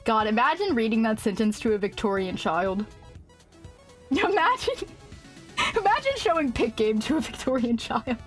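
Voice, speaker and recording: A woman streamer chatting casually on a live stream, excitable and laughing often. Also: a little high, normal speed, long pauses, faint music behind.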